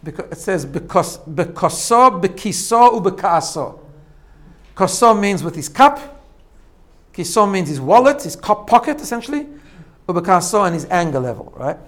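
A man's voice: sits high, big pitch swings, normal speed. A man giving a spoken lesson, explaining step by step with frequent "right?" checks and repeated phrases. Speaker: teacher. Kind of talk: spoken lesson on self-growth.

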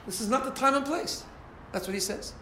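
A man teaching an informal Torah class, animated and asking listeners rhetorical questions. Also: very high voice, fairly quick, a little hiss or hum. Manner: animated, mixes Hebrew and Yiddish terms, asks listeners rhetorical questions. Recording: roomy echo, faint ambience.

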